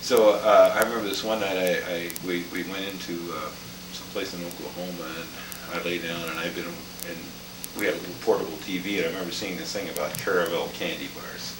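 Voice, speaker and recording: A man's voice: low voice, fairly even intonation, quick pace. An older man casually telling rambling family anecdotes, chuckling as he goes. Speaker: storyteller. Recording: echoey room, mic far off, clear background noise.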